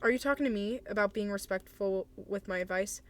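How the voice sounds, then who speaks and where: A young woman talks casually on a livestream, answering chat in a hesitant, apologetic way. She trails off, restarts and laughs awkwardly. Her voice sits at an ordinary middle pitch for a woman. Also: a little fast. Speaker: streamer.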